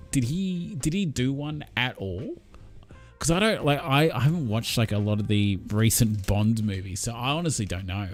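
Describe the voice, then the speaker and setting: A man's voice: medium pitch, a little mellow. A man chatting casually with viewers on a live stream, rambling in an easygoing way with lots of ums and thoughts that trail off.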